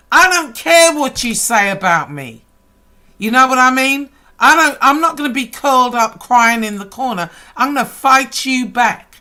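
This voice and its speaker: Slow-talking, bright-voiced woman ranting. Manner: heated and profane, swinging between loud outbursts and low intensity. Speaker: YouTuber. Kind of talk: angry rant to camera.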